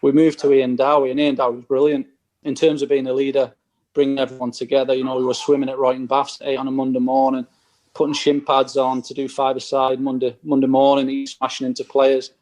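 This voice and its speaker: This former footballer, a podcast guest, tells casual anecdotes and acts out the exchanges he quotes. His medium-pitched voice is monotone, quick and darkish.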